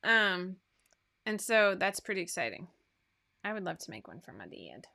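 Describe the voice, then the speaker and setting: Bright-voiced woman hosting a sewing livestream. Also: fairly low pitch, very animated, normal speed, gravelly. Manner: chatty, asides and fillers between list items. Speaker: host of a sewing pattern livestream. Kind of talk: casual livestream chat reading out giveaway winners.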